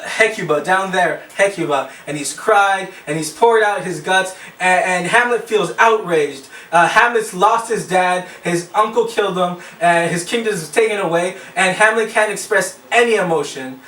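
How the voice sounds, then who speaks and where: Guy with a high voice giving a speech, lots of uhs and restarts, echoey room, mic kinda far. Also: pushed and bright. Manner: hesitant, many fillers and restarts. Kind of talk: classroom speech.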